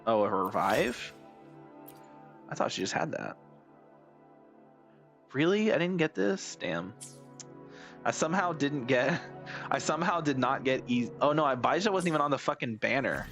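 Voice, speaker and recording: A man with a rough, hoarse voice giving casual gameplay commentary as a streamer, rambling, thinking out loud and swearing a lot. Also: medium pitch, lively intonation, moderate pace, pauses often, faint music behind. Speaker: game streamer.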